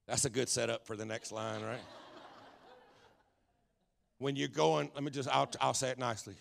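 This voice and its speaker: A male pastor preaching a Pentecostal sermon at a live church service, building to shouted, drawn-out refrains. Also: medium pitch, steady tone, vocal fry, a little hiss or hum.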